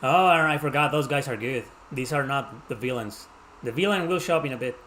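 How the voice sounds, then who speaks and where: A man's voice: mid-range voice, fairly quick, a bit bright, slight background noise. A man from Mexico with a Mexican accent streaming a game live, chatting casually and teasing the characters on screen. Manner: casual, joking, teases the game's characters. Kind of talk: live gameplay commentary.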